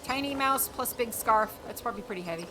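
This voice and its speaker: A woman's voice: on the high side, fast talker, noisy background. A woman streaming a video game, chatting along with giggles and exclamations, with game music behind. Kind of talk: live game commentary.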